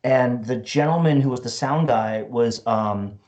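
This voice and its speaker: A man's voice: medium pitch, measured pace, darkish tone, dull audio. A man in his forties, a guest musician, telling a story in a casual, profane way full of "like" and "you know.".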